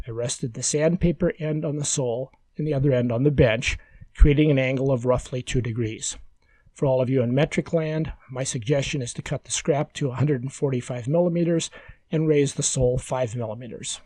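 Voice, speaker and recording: A man giving calm, measured, step-by-step woodworking instructions as a scripted voice-over. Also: medium pitch, dry recording.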